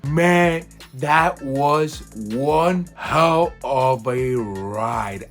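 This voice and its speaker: A young man telling a comedic story in a casual, animated, slangy way, with plenty of swearing. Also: fairly high pitch. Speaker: storyteller host.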